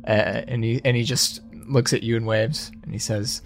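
A man narrating a tabletop game as game master, relaxed and halting. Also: medium pitch, vocal fry.

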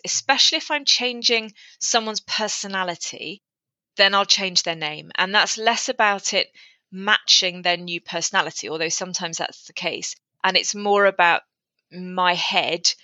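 A woman's voice: on the low side, bright, forceful tone, dry recording, muffled recording. A woman author talking through her writing in a casual interview, thoughtful and prone to restarts. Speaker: author guest. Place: lives in North Wales.

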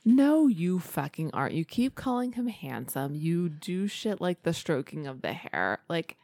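A woman's voice: on the low side, very animated, unhurried, mellow, no room sound. A woman co-hosting a podcast, chatting casually and speaking her mind with emphatic swearing. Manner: emphatic and profane. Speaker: podcast co-host. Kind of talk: casual chat.

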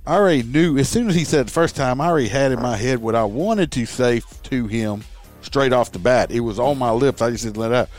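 A man's voice: medium pitch, fast, soft background music. A middle-aged man, a former police officer, telling a profane story on a podcast in casual chat and acting out both sides of the argument. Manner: profane, animated, acts out both sides of the exchange.

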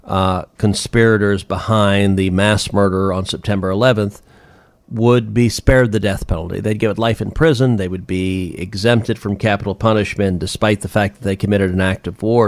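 A male senator delivers political commentary on his podcast. His voice sits on the low side and sounds dry and close, with no room around it. He talks with emphatic indignation and hammers points home through repetition. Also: a little mellow, no echo. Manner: emphatic, indignant, repeats phrases for force.

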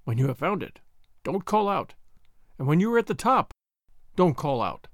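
A man voicing a troubled railway signalman who speaks in a low, hushed and grave way. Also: very animated, normal speed, no echo, studio quality. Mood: uneasy. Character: haunted, troubled middle-aged male railway signalman.

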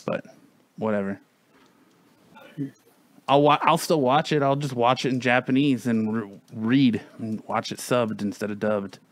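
A man's voice: medium pitch, steady tone, a little slow, long pauses, dry recording. A man chatting casually, rambling with many restarts, fillers and some swearing. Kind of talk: casual chat.

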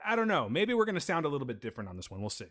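A man's voice: a little high, very animated, rapid-fire, fairly bright tone. A man co-hosting a podcast in a casual chat, talking in a playful, teasing and somewhat defensive way. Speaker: podcast co-host.

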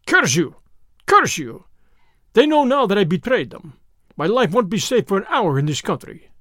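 A man voices a terrified, furious male informer, speaking vehemently and snarling in a heavily acted performance. His voice is high, pitched above his natural register, with huge pitch swings at normal speed, recorded with studio quality and no room sound.

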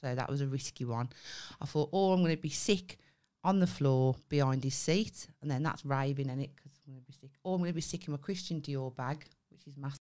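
A woman's voice: extremely low pitch, brisk, darkish tone. A young woman, casually chatting and telling stories on a podcast, swearing freely. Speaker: podcast co-host.

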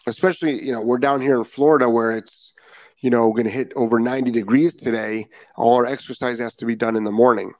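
The Florida host of a live dog-training stream speaks quickly in a steady, medium-pitched voice. He's blunt and keeps repeating key points to stress them, and the audio has no room sound.

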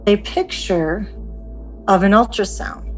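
A woman's voice: medium pitch, slow, soft background music. A middle-aged woman being interviewed, recounting past events in a chatty, emotional way and acting out what people said. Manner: emotional, chatty, acts out remembered dialogue. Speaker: interviewee, mother of the story's subject.

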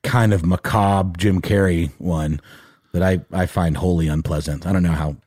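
Man with a lowish voice, chatty podcast co-host, rambling style, dry close recording. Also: normal speed, no echo. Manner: rambling, many "like"s, animated tangents. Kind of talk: casual chat.

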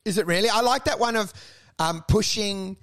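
High-pitched guy on a comedy podcast, rambly, acts all outraged and laughs a lot. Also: moderate pace, fairly bright tone. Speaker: podcast co-host. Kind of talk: casual comedic banter.

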